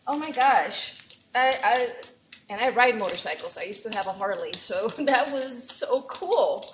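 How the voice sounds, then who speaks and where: A woman chef hosting a casual live cooking stream, chatty and excitable as she greets viewers from her kitchen. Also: on the high side, measured pace, noisy background. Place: home kitchen. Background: faint frying and sizzling.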